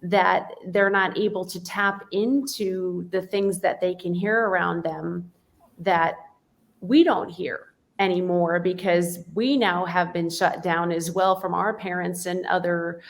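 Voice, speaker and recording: A woman's voice: fairly low pitch, fairly even intonation, slow pace. A woman hosting an interview, telling personal stories in an earnest, conversational way. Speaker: podcast host.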